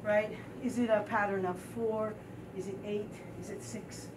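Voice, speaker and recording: A woman's voice: medium pitch, flat delivery, measured pace. Woman teacher chanting drum rhythms, far off. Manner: counting and chanting rhythm syllables, encouraging. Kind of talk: leading a group drum and dance class. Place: class space with a group. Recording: distant mic with loud noise.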